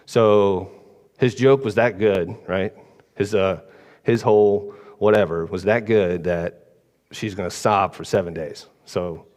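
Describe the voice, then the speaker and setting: In a large church hall, a deep-voiced preacher talks slowly and steadily, his tone a little mellow. His sermon is casual and rambling, and he frequently checks in with listeners by asking "right?"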